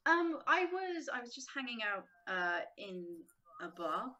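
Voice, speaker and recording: A woman's voice: on the high side, big pitch swings, unhurried, bright, forceful tone, lo-fi sound. A young woman, a podcast guest, chatting casually, acting out quotes and laughing often.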